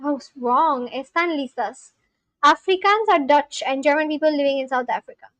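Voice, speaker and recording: High-voiced chatty woman streamer. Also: brisk, a bit bright, dry recording, poor audio. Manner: chatty, reads viewer comments aloud and asks them questions. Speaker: live-streamer learning a language. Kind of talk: casual live-stream chat.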